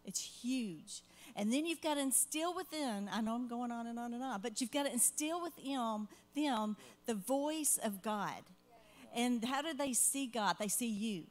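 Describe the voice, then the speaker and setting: A woman's voice: a little high, lively intonation, a little slow. An older woman, a grandmother, sharing heartfelt parenting advice in a church Q&A conversation, earnest and rambling with asides.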